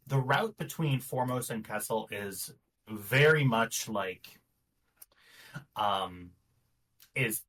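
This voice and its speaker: Bright, husky-voiced game master. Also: male voice, mid-range voice. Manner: restarts often, explains patiently. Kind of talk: narrating a tabletop game.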